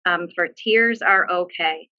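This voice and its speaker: Woman social worker talking straight and earnest, lots of ums, bright edge, a bit muffled lo-fi audio. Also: on the low side, slow. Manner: earnest, direct, with frequent fillers. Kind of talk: webinar discussion, giving advice.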